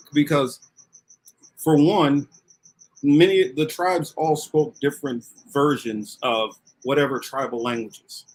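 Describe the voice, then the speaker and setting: A man's voice: medium pitch, poor audio. A man co-hosting who breaks in with clarifications. He speaks casually, adding disclaimers as he goes. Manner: interjects clarifications and disclaimers, with fillers and restarts. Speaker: co-host. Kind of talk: casual commentary.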